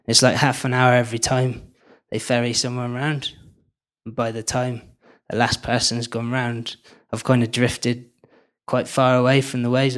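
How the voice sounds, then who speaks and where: Flat-voiced man telling stories on stage. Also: medium pitch. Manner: loose and rambling, laughs often. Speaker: filmmaker guest on stage. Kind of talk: live on-stage storytelling. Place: live event stage.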